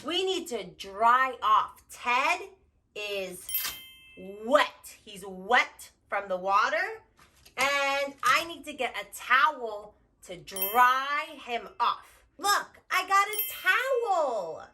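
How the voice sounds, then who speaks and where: A woman teaching toddlers in a gentle, encouraging voice, talking slowly and repetitively in a sing-song way. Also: high voice, sing-song, slight background noise. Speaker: early childhood educator. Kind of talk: toddler teaching video narration.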